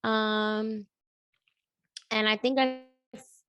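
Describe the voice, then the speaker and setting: A woman journalist and radio host, talking fast and animatedly as a guest in a casual interview, with lots of "like.". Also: on the high side, flat delivery, a bit bright, clear, resonant tone, no room sound, highs cut off.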